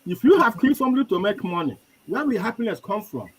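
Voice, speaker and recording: Lively Nigerian man telling a story. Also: sits high, quick pace, breathy edge, rough recording. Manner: animated storyteller, quotes others. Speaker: guest. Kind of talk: storytelling in a live chat.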